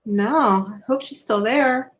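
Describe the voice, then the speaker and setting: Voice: mid-range voice, slow, highs cut off. A guest from a book group on a casual livestream, explaining how the group works in a friendly way.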